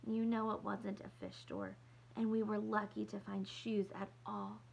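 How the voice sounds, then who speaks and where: A patient, tired mother speaks soothingly in a storybook voice, as a woman reads her lines. Her tone is low-key and her voice is gravelly. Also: a little slow, highs cut off, slight background noise, full character voice. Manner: soothing, calm.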